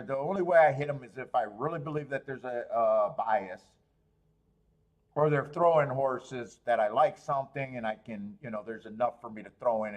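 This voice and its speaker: Man loudly laughing at his own jokes. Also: mid-range voice. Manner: loud bursts when amused. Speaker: host of a horse racing betting livestream. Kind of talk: casual livestream handicapping commentary.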